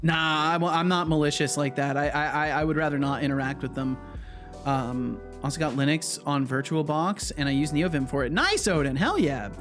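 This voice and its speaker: A man's voice: on the high side, moderate pace, music in the background. A man chatting casually on his livestream, often stammering and repeating words. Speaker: streamer and game developer. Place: home.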